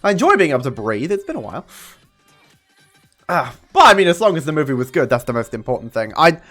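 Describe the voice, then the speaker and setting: Young male streamer, fairly high, animated and profane, casual chat over faint music. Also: quick pace. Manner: chatty and profane, with sudden high excited jumps. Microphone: desk microphone.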